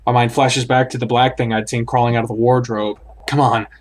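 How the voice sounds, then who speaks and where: A man's voice: medium pitch, flat delivery, brisk. A man reading a horror visual novel aloud in the first person, acting it out and blurting out startled reactions. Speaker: let's play host.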